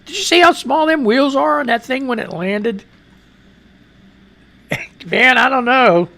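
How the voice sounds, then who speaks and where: A man's voice: extremely high pitch, measured pace, pushed and bright. A man hosting a live radio news show, rambling and reading listener comments with profane asides and an American accent. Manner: rambling, profane, exclaiming and laughing.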